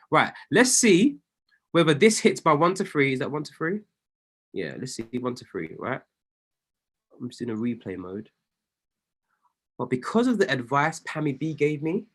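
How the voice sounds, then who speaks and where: A man, a trading coach talking casually through trades on screen, excitable and often correcting and apologizing to himself. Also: a little high. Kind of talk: casual commentary while reviewing trades on screen.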